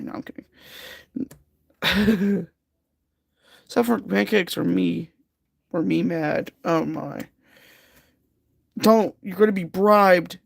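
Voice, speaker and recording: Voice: medium pitch, slow pace, creaky, pauses often, husky, no room sound, clean studio sound. A livestream host chatting casually with viewers while doing a jigsaw puzzle, rambling and giggling.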